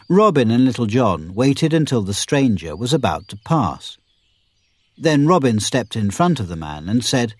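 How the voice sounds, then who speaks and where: A man narrating a graded reader in a careful, deliberate way. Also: medium pitch, very animated, no room sound. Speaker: audiobook narrator.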